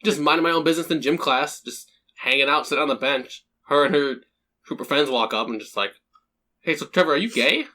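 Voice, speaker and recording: A man's voice: medium pitch, fairly even intonation, fast talker, sharp tone. A young man co-hosting a podcast, trading dry joking quips in a casual chat. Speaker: podcast co-host.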